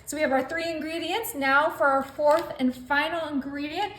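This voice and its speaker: Woman, cooking vlogger, bubbly, laughs a lot, high-pitched, echoey room. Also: steady tone, normal speed, hardly any pauses, fairly bright tone, a little hiss or hum. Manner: bubbly, laughs often, addresses viewers as you guys. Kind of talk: casual cooking demo. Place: home kitchen.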